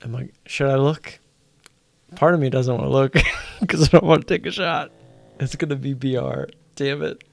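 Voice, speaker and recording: A man's voice: medium pitch, moderate pace, creaky. A young man, drunk, hosting a late-night live stream and teasing his chat viewers in a rambling way.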